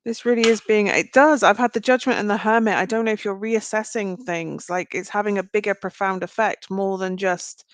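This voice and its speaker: A woman's voice: medium pitch, fairly even intonation, fairly quick, hardly any pauses, dry recording. A woman doing a live tarot reading, chatting straight to her viewers. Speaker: tarot reader. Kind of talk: live-stream card reading.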